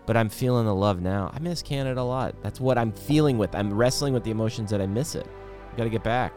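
A man in his thirties co-hosting a podcast, chatting loosely with halting restarts and frequent laughs. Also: lowish voice, a little mellow, faint music behind. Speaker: podcast co-host. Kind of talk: casual banter.

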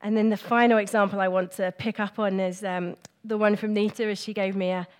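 A middle-aged woman giving a personal, reflective church talk, speaking gently with pauses and fillers. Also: mid-range voice, level tone.

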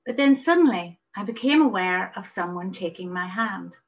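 A woman's voice: mid-range voice, lively intonation, normal speed, highs cut off, natural voice. A woman reading the part of a young wounded English soldier, telling his story in a plain, matter-of-fact way. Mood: sober.

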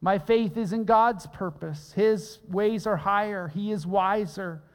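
A pastor preaching a sermon in an earnest, emphatic way, repeating key phrases for weight. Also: male voice, high-pitched, unhurried, clear, resonant tone. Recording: long reverb of a large hall.

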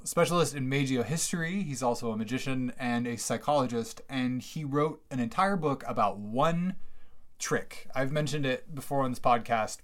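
A man's voice: mid-range voice, a bit bright. A man hosting a solo podcast from home, chatting in a rambling, digressive way with many fillers and bursts of enthusiasm. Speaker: podcast host. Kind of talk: casual solo podcast monologue. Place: at home near a fridge.

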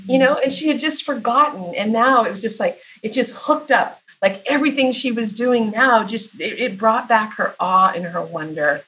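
A woman's voice: on the high side, moderate pace, hardly any pauses. A woman who teaches herbalism, talking earnestly in a podcast conversation and telling stories about her students. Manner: earnest, animated storytelling with acted quotes.

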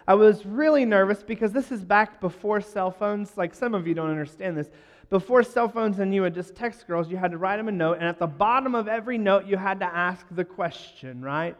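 A man with a light, high-pitched voice tells self-deprecating stories to a crowd, breaking into joking asides. His voice carries a long reverb, as from a large hall. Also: fairly quick. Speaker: speaker addressing a live audience. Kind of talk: humorous talk to a crowd.

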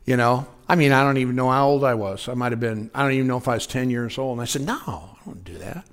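A man's voice: medium pitch, fast, hardly any pauses. A man in his sixties preaching a conversational sermon, folksy, telling personal stories and asking the congregation questions. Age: 60s. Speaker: pastor.

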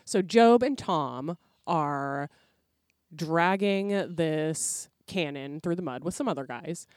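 A woman's voice: low-pitched, lively intonation, takes it slowly, a little mellow, no room sound, studio quality. A woman podcast co-host telling a folklore tale in a casual, laid-back way. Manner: laid-back, conversational, uses "like" and "dude". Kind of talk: casual storytelling.

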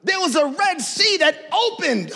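A preacher delivering a fervent sermon in church, worked up, breaking into shouts and laughter. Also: male voice, very high voice, very animated, a little slow, gravelly.

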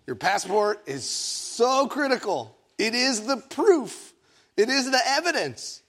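Animated high-voiced male preacher. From Egypt. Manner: animated, playful storytelling with self-mocking asides. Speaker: pastor. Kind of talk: sermon storytelling.

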